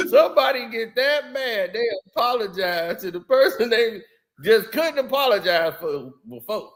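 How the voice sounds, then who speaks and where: A man's voice: very high voice, lively intonation, takes it slowly, fairly bright tone. A man guesting on a casual podcast, telling stories animatedly with slang and frequent laughter. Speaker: guest, former basketball player.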